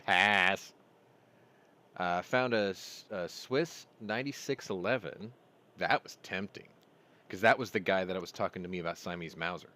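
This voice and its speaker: A man with a low, slightly bright voice hosts a casual live stream at a moderate pace. He rambles through stories and laughs at his own jokes.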